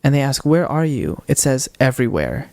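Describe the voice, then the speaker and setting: A young man on a podcast, retelling a ghost-hunting video with animated quoted voices in casual storytelling. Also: medium pitch, normal speed, no room sound. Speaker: podcast co-host.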